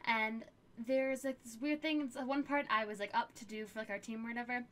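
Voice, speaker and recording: A woman's voice: a little high, steady tone, brisk, fairly bright tone. A young woman streamer chatting casually while answering viewer questions, full of fillers and laughter. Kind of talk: casual chat.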